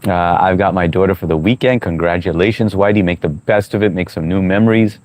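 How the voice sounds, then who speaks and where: A middle-aged man with a notably low, deep voice hosts a laid-back livestream outdoors. He reads viewer comments aloud and jokes with his audience. He keeps chatting while he chews his food. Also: steady tone, fairly quick, a little mellow, no room sound. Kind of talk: casual livestream chat. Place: outdoors on a walk.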